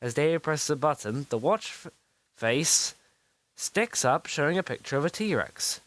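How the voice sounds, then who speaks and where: A storyteller narrating a homemade kids' superhero story, hurried with stumbling restarts. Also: female voice, low voice, lively intonation.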